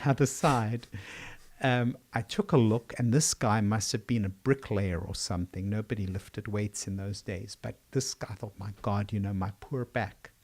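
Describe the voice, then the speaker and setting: A man's voice: lowish voice, a little mellow. An older man from South Africa with a South African accent, a psychiatrist answering interview questions in a thoughtful, storytelling way. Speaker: psychiatrist guest.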